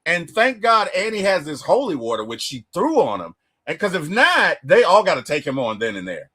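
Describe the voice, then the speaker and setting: A man in a casual film discussion, retelling scenes with lively storytelling and acting out the characters' lines. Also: a little high, normal speed, slightly rough. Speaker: movie reviewer.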